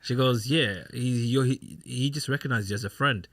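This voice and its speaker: Rambling through anecdotes and imitating what others said, a young podcast co-host keeps the chat casual. His voice is medium-pitched and fairly bright, moving at a moderate pace.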